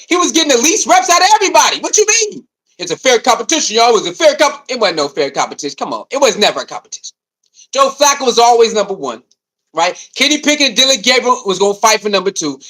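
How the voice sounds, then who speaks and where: A sports commentator launches into a heated, mocking rant, animated throughout and mimicking coaches and others in asides. His voice is extremely high, and the audio is poor.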